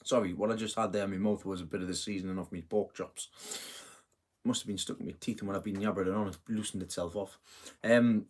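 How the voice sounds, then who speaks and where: A man's voice: deep voice, steady tone, fast. A middle-aged man hosting a casual live stream, chatting in a rambling way, full of fillers and self-corrections. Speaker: host of a live gardening stream.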